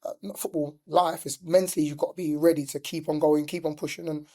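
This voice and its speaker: A man's voice: a little high, flat delivery, fairly quick, a little mellow. A middle-aged man, a youth football coach telling stories in a casual podcast chat, full of "like" and "do you know what I mean". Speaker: youth football coach and former professional player.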